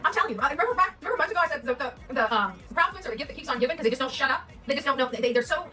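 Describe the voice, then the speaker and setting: A woman livestreamer in a rambling monologue, repeating and stumbling over words, with a put-on country drawl and a pitch that swings up and down. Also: animated, rapid-fire, pushed and bright, distant mic, faint music behind, poor audio. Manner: repetitive, stammering, pitch swings up and down.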